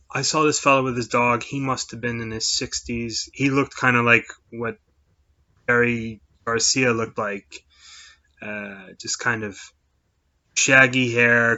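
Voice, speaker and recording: On his solo podcast, a middle-aged host rambles casually, often restarting sentences and leaning on fillers. His voice is mid-range, bright and forceful, though the lo-fi recording makes it sound dull.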